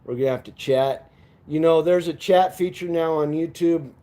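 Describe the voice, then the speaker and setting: Male streamer, loose and profane, rambles and laughs a lot; somewhat high but dark, warm tone. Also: normal speed. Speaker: live-stream vlogger. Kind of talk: casual live-stream chat.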